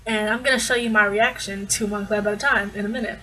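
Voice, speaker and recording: A woman's voice: mid-range voice, steady tone, fast, sharp tone, slight background noise, rough recording. A young woman vlogging casually, telling a story in a bubbly, gushing way with lots of restarts. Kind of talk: casual fan vlog storytelling.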